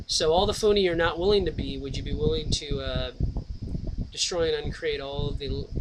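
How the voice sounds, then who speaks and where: Man with a fairly high voice, rambling and swearing, jumping between topics, noisy home recording with clicks. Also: fairly quick. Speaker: vlogger. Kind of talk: rambling casual monologue. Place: at home, indoors.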